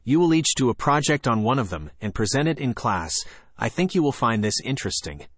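A man voicing a calm, firm schoolteacher who speaks in a measured, matter-of-fact way. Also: mid-range voice, no room sound. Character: calm, firm middle-aged woman teacher. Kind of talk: audiobook character voice.

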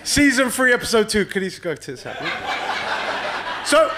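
Brash high-voiced comedian. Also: male voice, very animated, moderate pace, bright, forceful tone, slight background noise. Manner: brash, profane, crowd-teasing. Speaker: stand-up comedian. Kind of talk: stand-up comedy set. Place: comedy club stage.

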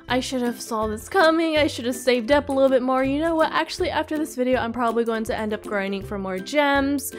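A young woman with a high, girlish voice gives bubbly, excitable gameplay commentary into a desktop mic. She bursts into squeals whenever something good turns up. Soft music plays underneath. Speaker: gaming channel host. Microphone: desktop microphone.

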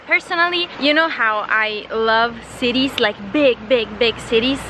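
A woman's voice: fairly high pitch, a little slow, noisy background. A young woman from Italy chatting casually to camera as a vlogger, laughing often. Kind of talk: casual vlog chat.

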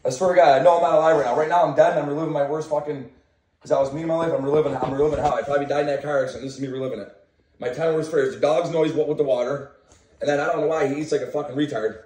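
A man's voice: on the high side, steady tone, dark tone. A man telling a casual, profane rant about the people he lives and works with, acting out what they say. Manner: profane, quick, acts out quoted people. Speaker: storyteller. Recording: echoey room, mic at a distance, faint noise.

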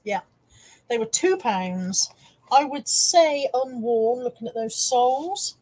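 A middle-aged woman with a slightly high, husky, breathy voice hosts a live stream from home. She chats away and teases her viewers by name as she reads out their comments. It sounds relaxed and unscripted. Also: takes it slowly, rough recording. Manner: chatty and teasing, reading out viewer comments. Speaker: live-stream host and eBay reseller. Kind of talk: casual live-stream chat. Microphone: camera on a wire, close by.

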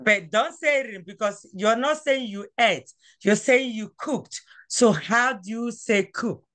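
A woman teaching a language class over a phone, patient and coaxing, repeating words slowly. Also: a little high, a bit bright.

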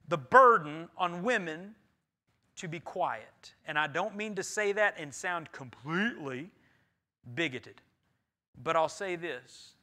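A man preaching a sermon as pastor, rising to loud emphatic passages and dropping to quiet, earnest talk. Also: high voice. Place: church sanctuary.

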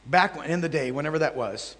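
A man teaching a live audience as a traveling Bible teacher, telling animated anecdotes with jokey asides to the crowd. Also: on the high side, fast talker. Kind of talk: storytelling sermon. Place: large hall before a live audience. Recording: long hall reverb.

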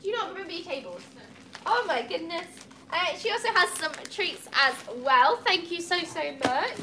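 A woman's voice: very high-pitched, big pitch swings, normal speed, noisy background. A woman opening gifts at a cat cafe, chatting casually and cooing at the cats. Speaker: cat cafe staff member.

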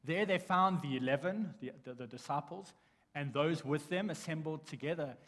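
A man preaching a sermon in a church, telling stories in a lively way with frequent restarts. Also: a little high, moderate pace. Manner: animated storytelling with restarts. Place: church sanctuary. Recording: long church hall reverb.

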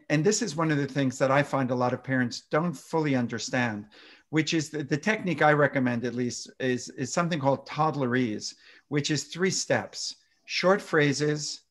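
Male pediatrician guest, fairly high voice, animated explainer who acts out dialogue. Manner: lively, acts out example dialogue in exaggerated voices. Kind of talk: explaining parenting advice in a conversation.

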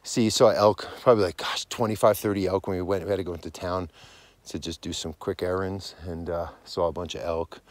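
A man in his forties talks on a podcast as he walks his dog outdoors at altitude, out of breath as he goes. His voice sits a little low, and he rambles and corrects himself in a loose, conversational way. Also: steady tone, fairly quick, dry recording. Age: 40s. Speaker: dog trainer and podcast host. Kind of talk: casual monologue while walking outdoors. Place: outdoors on a snowy mountain property at dusk.

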